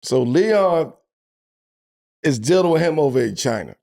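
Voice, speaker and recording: A man's voice: on the high side, big pitch swings, measured pace, vocal fry, darkish tone. A man hosting a podcast, telling a story in casual chat and laughing often. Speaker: podcast host.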